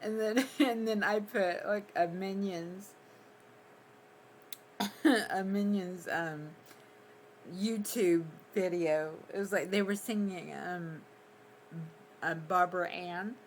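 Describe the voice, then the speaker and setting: A woman livestreamer chatting casually and rambling through a story, breaking into giggles all the time. She takes her time, speaking at an unhurried pace in a mid-range voice, with faint noise in the background. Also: mid-range voice. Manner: laughs often, giggly, rambling.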